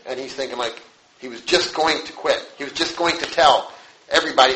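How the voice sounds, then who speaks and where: A man pastor preaching a sermon, telling a story in a conversational, halting way with rhetorical questions. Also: medium pitch, bright, forceful tone. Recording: echoey room, faint noise.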